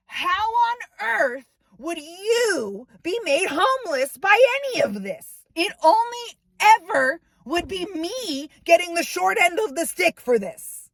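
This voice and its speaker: A woman's voice: very high voice, very animated, moderate pace, fairly bright tone, no echo. A woman venting to camera, ranting in heated, profane bursts about a falling-out. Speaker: vlogger. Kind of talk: angry personal venting to camera.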